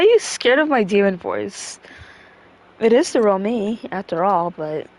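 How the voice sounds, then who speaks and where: A woman's voice: medium pitch, animated, a little slow. A woman chatting casually on a stream, rambling with lots of fillers and swearing freely.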